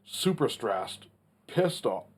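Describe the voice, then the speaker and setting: Blunt, down-to-earth man in his 40s, mid-pitched, casual solo vlog delivery. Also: sing-song, slow pace, slightly rough. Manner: blunt, plainspoken, mildly profane. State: has the hiccups. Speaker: channel host answering a Q&A.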